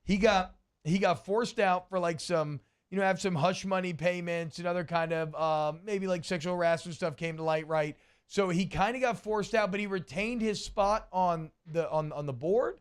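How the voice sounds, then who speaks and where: A man with a somewhat higher voice hosts a sports radio show. He chats casually and tells stories with animated energy, laughing easily at his co-hosts. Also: moderate pace, smooth.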